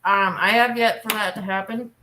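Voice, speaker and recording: A woman's voice: medium pitch, steady tone, normal speed, noisy background. A woman chatting on a watch party stream from home, laughing often and making blunt quips. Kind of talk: casual watch party chat.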